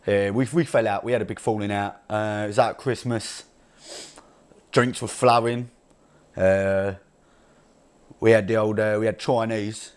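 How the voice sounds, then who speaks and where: A man's voice: fairly low pitch, steady tone, measured pace, pauses often, smooth, close to an everyday voice. A man playing a brash, crude chav with an Essex accent, rambling and swearing in laddish banter as a comedy character monologue.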